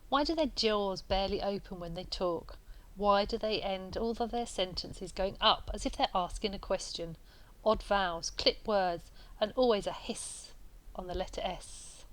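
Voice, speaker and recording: A woman reading a novel aloud at a steady pace, with small slips and restarts now and then. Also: medium pitch, unhurried, poor audio. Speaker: reader.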